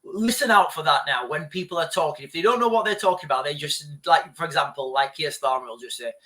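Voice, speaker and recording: Rambling man, bright voice. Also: fairly high pitch, lively intonation, fast. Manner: rambling, with frequent restarts and repeated asides to "guys". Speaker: vlogger. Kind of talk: off-the-cuff political commentary to camera.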